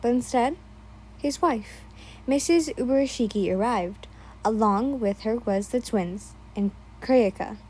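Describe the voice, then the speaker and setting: A woman reading a second-person fan story aloud, tripping over names and breaking off for quick asides. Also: on the high side, a little mellow, slightly rough, poor audio. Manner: stumbles over names, laughs and adds asides. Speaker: fan fiction reader.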